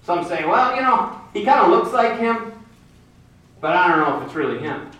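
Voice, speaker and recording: A pastor preaches a sermon, retelling a Bible story in a lively storyteller's manner and slipping into the characters' voices. His voice sits high for a man. It reaches the mic from some distance and rings through a very echoey hall. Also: moderate pace.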